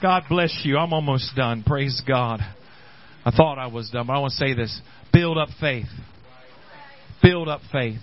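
A man preaching a sermon in a church service, building up to shouted, repeated exhortations. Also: mid-range voice, expressive, normal speed, muffled recording. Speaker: pastor.

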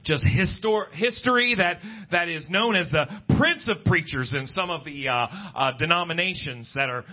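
A man preaching a sermon at a church service, talking conversationally and climbing in pitch when he stresses a point. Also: animated, normal speed, few pauses. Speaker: pastor. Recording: dull lo-fi church recording with faint guitar.

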